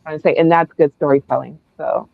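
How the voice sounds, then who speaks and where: A woman's voice: sits low, steady tone, brisk, vocal fry, no echo. Blunt, cussing woman on a tinny line. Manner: blunt, profane and emphatic when ranting. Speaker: book club host. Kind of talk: casual podcast discussion. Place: remote video call. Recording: tinny phone-like dry sound.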